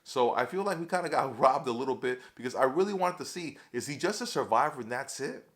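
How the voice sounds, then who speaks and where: A man casually recapping a TV episode for his viewers, excitable and chatty, calling them y'all and acting out the characters' lines. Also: medium pitch, quick pace. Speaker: TV episode reviewer.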